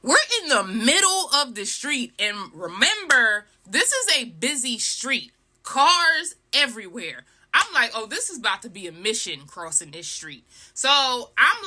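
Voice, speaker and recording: Young woman, storytime vlogger, animated dramatic telling, talks to viewers, very bright voice. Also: sits high. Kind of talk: storytime vlog.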